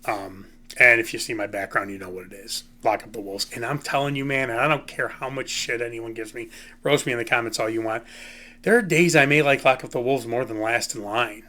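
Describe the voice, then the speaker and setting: A man of middle pitch rambles through a casual music commentary. His bright, forward voice stays opinionated and animated, and he leans on "you know" and "um" as he talks. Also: fairly quick. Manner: says "you know" and "um" often. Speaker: host.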